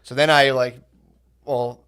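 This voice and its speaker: A man's voice: mid-range voice, little pitch movement, takes it slowly, a bit bright, clean tone. Man in his thirties, laughing storyteller. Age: 30s. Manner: rambling storytelling, laughing through his own stories. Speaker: podcast co-host. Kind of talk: casual comedy podcast chat.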